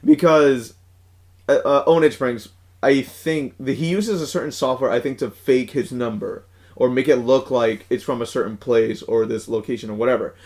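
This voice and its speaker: Young man, podcast co-host, casual rambling chat, swears a lot, halting restarts, laughs often, mid-pitched voice. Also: a little mellow.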